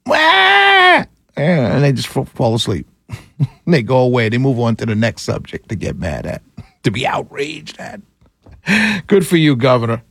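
A man's voice: medium pitch, lively intonation, normal speed, creaky, a little mellow, breathy edge, dry recording, studio quality. A man hosting a political talk show, giving opinionated, mocking commentary with frequent laughs. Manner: opinionated, mocking, laughs a lot, does whiny voices.

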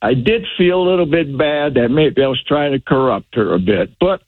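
A man's voice: medium pitch, lively intonation, moderate pace, no echo. A man calling in to a radio show, rambling and hesitant with many fillers, heard over a phone line. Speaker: caller. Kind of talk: call-in radio chat. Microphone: telephone.

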